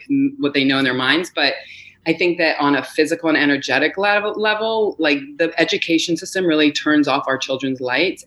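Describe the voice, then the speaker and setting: A woman's voice: low-pitched, a bit bright, rough recording. A woman who is a podcast guest and mother, talking in a rambling, earnest way with many fillers. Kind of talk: casual podcast conversation.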